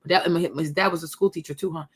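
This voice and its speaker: A woman's voice: deep voice, steady tone, rapid-fire, husky. A young woman from the Ivory Coast who hosts her own channel. She tells a story to her viewers in a casual way, calls them y'all and keeps asking "right?". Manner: chatty, addresses viewers as y'all, many tag questions. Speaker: host.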